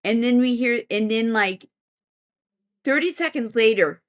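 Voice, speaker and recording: Middle-aged woman guest, lively pitch, higher voice, unhurried chatty anecdote. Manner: animated storyteller, laughs often. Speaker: psychic medium guest. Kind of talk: casual anecdote in an interview.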